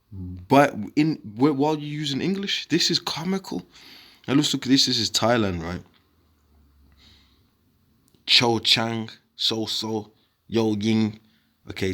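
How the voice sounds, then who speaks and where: A young man talking casually to his viewers, animated and repetitive, calling them bro and man while making his case. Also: medium pitch. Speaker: online commentator. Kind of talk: casual rebuttal video talk.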